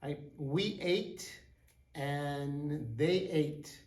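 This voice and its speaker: Guy teaching spanish grammar, slow and careful, kinda high voice, echoey room. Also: darkish tone. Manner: slow and deliberate, stressing each verb ending, often checking in with "okay?". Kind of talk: classroom grammar lesson.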